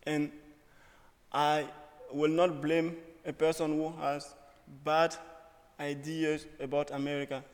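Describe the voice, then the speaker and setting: A young man speaks slowly in a fairly high voice with flat delivery, telling a personal story to an auditorium where his words echo. As a student speaker, he mixes earnestness and humor in short phrases.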